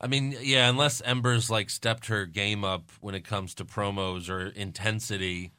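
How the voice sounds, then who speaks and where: A man co-hosting a podcast, chatting casually and with strong opinions, full of fillers and quick bursts. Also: fairly low pitch, steady tone, bright, forceful tone, smooth, no echo, studio quality. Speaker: podcast co-host. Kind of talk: casual wrestling chat.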